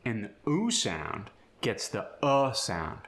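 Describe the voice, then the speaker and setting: A male accent coach who talks in a slow, measured way. His voice has a bright, forceful edge. He explains one sound change after another and then reads out a model sentence. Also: fairly low pitch, big pitch swings. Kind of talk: accent tutorial.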